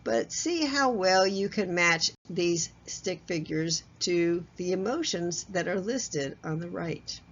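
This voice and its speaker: A woman's voice: lowish voice, lively intonation, slow pace, hardly any pauses. A woman giving a recorded workplace communication lesson in a conversational way, asking the listener questions and chuckling at herself. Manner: chuckles at herself, loose fillers and restarts. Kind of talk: recorded training lecture. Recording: slightly dull lo-fi audio.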